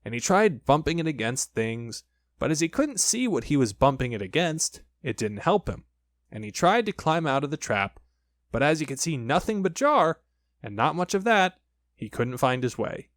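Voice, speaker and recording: A man reading a children's storybook aloud, with lively, expressive storytelling. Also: fairly high pitch, moderate pace, no echo, studio quality. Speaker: audiobook narrator.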